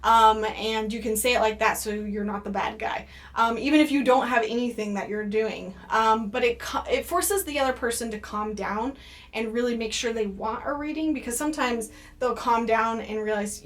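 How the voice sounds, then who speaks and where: A young woman talks casually to her viewers, giving advice on doing psychic readings. Her voice sits a little high, and her talk is loose and chatty, full of ums and likes. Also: moderate pace, fairly bright tone.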